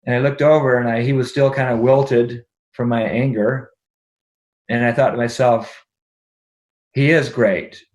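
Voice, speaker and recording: Middle-aged man telling an animated story. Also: mid-range voice, moderate pace. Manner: animated, laughing, checks in with "right?". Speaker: guest. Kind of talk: personal storytelling in an interview.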